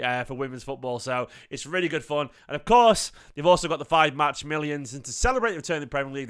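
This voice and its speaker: A young man hosts a football watchalong, talking fast and chattily to his viewers. His voice is bright and forward, smooth and clear, sitting a touch high for a man. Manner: chatty, rambling, reads out chat names. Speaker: fan channel host. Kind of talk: casual live-stream chat.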